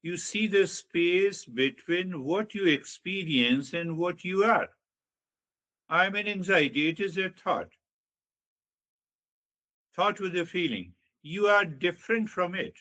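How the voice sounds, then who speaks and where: A man giving a slow, reflective spiritual teaching talk, guiding listeners inward with measured repetition. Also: high voice, expressive, fairly bright tone, highs cut off.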